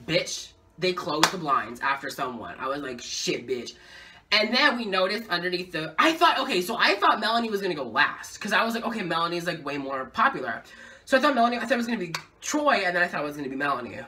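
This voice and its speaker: A young woman vlogger telling a casual story time, excitable and full of swearing. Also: on the low side, fast talker, far from the mic.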